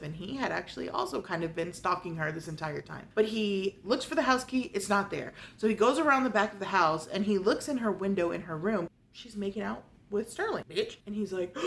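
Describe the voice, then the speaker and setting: A woman giving a casual, sarcastic book review and retelling the plot with animated asides. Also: mid-range voice, gravelly.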